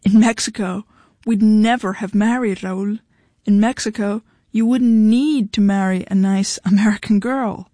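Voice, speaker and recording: A woman's voice: mid-range voice, fairly even intonation, unhurried, dark tone, dry recording, studio quality, natural voice. A woman reading a blunt defiant young woman. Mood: mocking. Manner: cutting, dismissive.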